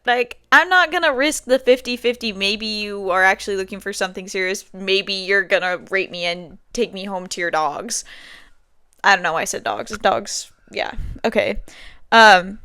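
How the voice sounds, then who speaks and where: Young woman, solo podcast host, smooth voice, loose rambling delivery, filler-heavy. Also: medium pitch, fairly bright tone, dry recording, studio quality. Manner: rambling, heavy use of "like", swears casually. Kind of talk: casual solo podcast chat.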